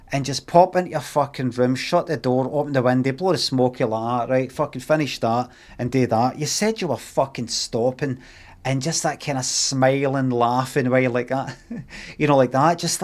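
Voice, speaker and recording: A Scottish man on a live stream telling a rambling, heavily sweary anecdote in a casual way. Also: medium pitch.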